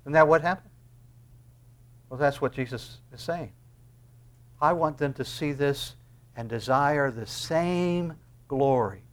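An older man preaching a sermon, swinging from hushed asides to loud, impassioned lines and acting out quoted voices. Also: a little high, slow pace, pauses often.

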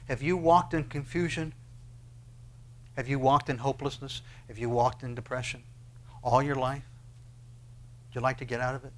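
A pastor preaching a sermon, asking his listeners question after question and swinging between hushed, slow passages and loud, rising ones. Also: medium pitch, fairly even intonation.

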